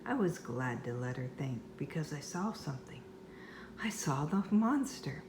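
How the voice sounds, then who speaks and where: An older woman reading a children's book aloud at home in a slow, expressive storyteller manner. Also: deep voice, noisy background. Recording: echoey room with faint ambience.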